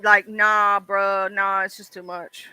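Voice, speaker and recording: A woman's voice: mid-range voice, little pitch movement, slow pace, pushed and bright, smooth, dry recording, rough recording. A woman hosting a casual livestream, chatting bluntly about online drama and swearing freely. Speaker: livestream host.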